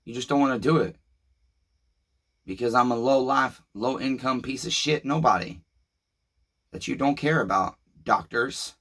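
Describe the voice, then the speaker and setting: A man's voice: medium pitch, moderate pace, long pauses, a bit bright. A man in pain, talking in a casual, confessional vlog, frustrated, profane and rambling. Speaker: vlogger.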